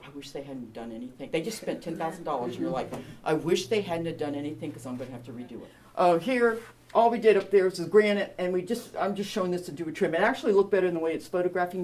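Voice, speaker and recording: A woman realtor presenting a home staging seminar, chatty and emphatic with quick practical asides. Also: on the low side, darkish tone. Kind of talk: presentation to an audience.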